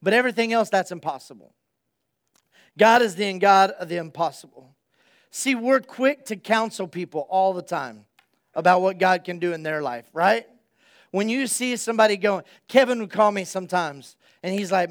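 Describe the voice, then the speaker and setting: A male pastor giving an energetic, conversational sermon and speaking straight to his congregation. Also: sits high, moderate pace.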